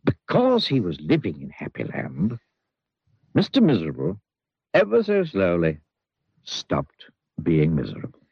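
A man narrating a children's storybook with expressive, drawn-out emphasis. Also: sits low, gravelly, slightly rough, no echo. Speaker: audiobook narrator. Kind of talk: storybook reading. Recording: muffled recording with soft music.

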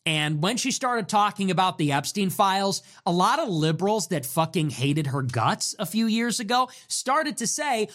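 A man's voice: high-pitched, sing-song, normal speed, hardly any pauses, a bit bright. A man giving ranting political commentary, sarcastic, profane and mocking.

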